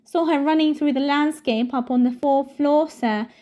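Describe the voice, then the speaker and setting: A woman's voice: sits high, normal speed, warm tone, pitched above the performer's own voice, lightly acted. A woman reading aloud, voicing a mischievous male poltergeist with an oily, cackling manner. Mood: oily gleeful. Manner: oily, cackling, mock-sorrowful.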